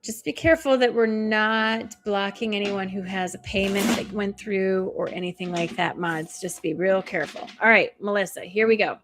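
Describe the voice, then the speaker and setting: A woman hosting a live stream, giving spiritual oracle card readings and chatting with viewers in a fast, soothing way. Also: medium pitch, steady tone, a bit bright. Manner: talks fast. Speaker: intuitive reader and coach, live stream host.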